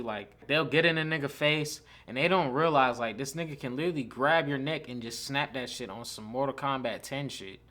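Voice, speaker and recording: A man's voice: medium pitch, fairly bright tone. A young man giving blunt, slangy, opinionated commentary while ranking a tier list, with lots of "like" and "bro" fillers.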